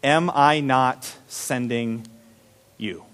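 A preacher doing God, slow and solemn. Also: male voice, mid-range voice, fairly bright tone, clean tone. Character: commanding divine voice, male.

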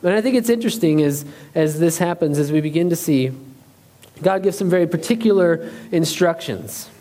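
A man's voice: fairly high pitch, moderate pace, dark tone. A man preaching a sermon as pastor, speaking conversationally and asking the congregation questions.

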